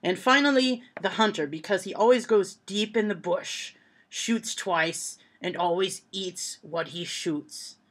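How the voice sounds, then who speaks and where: Here a woman with a medium-pitched voice, speaking a little slowly, reads joke lists aloud in a home vlog. She reacts to the punchlines with loud laughter as she faces her camera.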